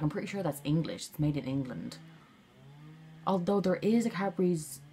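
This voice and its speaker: A woman's voice: sits low, a little mellow, a little hiss or hum. A young Irish woman chatting casually to camera at home, rambling and easily distracted, with an Irish accent. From Ireland. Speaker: vlogger.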